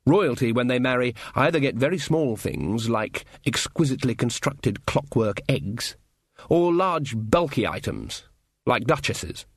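A man's voice: mid-range voice, sing-song, measured pace, slightly rough, no echo. A man narrating an audiobook with a dry, wry storytelling manner. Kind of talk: scripted narration.

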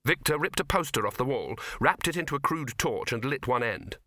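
In clean studio sound without echo, a man narrates a scripted audiobook. His voice is mid-range and his storytelling is steady and measured.

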